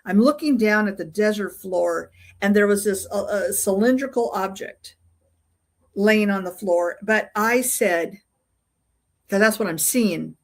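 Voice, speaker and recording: An older woman, a guest being interviewed, tells a personal story in a halting way, often pausing on fillers and restarting her sentences. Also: mid-range voice. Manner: halting, full of fillers and restarts while recounting. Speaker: interview guest, UFO investigator.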